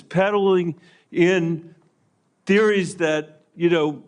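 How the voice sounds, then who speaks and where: A man, a senator, questioning a nominee at a hearing in a pointed, insistent yes-or-no manner. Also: fairly high pitch.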